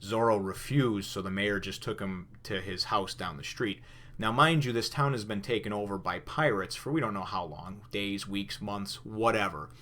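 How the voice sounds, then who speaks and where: A man's voice: on the low side, moderate pace, a bit bright. A man casually recapping a comic chapter and commenting on it, rambling with frequent fillers and restarts, and sometimes acting out characters' lines. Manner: rambling, lots of "you know" and restarts; loosely acts out characters' lines. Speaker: manga reviewer.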